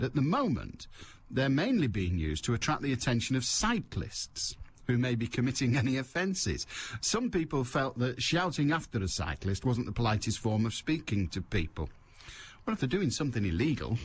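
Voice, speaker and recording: A middle-aged male radio host talks in a wry, teasing way, laughing at his own jokes. His pitch swoops up and down, and a faint hum sits under the studio sound. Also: huge pitch swings, normal speed. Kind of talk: chatty radio monologue.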